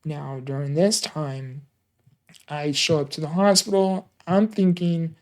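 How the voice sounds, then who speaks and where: Halting, earnest man telling his story. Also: fairly high pitch. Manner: halting, repeats and restarts words; earnest, emotional retelling. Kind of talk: personal storytelling.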